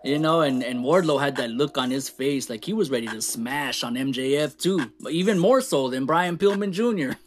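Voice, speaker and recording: A man ranting casually in a wrestling show review, animated, swearing and laughing at the shocking moments. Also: mid-range voice, normal speed, hardly any pauses, soft background music. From Latino. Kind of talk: casual recap rant.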